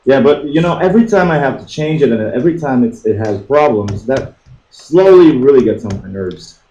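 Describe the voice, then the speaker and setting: A man's voice: mid-range voice, lively intonation, fairly quick, warm tone, slight background noise. Hesitant male caller on a dull echoey line. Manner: hesitant, frustrated, many fillers. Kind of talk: casual call-in talk. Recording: dull, echoey call audio.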